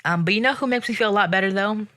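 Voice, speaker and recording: Sassy, bright-voiced woman ranting solo. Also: very fast. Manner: animated, exasperated, sassy with sudden pitch jumps. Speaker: podcast host. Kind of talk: casual solo rant.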